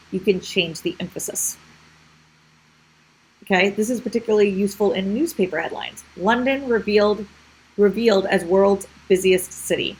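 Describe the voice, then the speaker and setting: A woman's voice: mid-range voice, slightly rough, rough recording. A woman teacher explaining a grammar lesson step by step, often checking in with the class.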